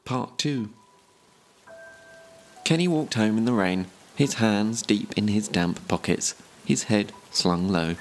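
A man narrating a written story in a measured, expressive storytelling manner. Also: fairly low pitch, slight background noise.

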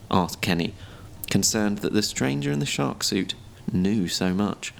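A man narrating a written story in a measured, expressive storytelling manner. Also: on the low side, creaky, a little hiss or hum.

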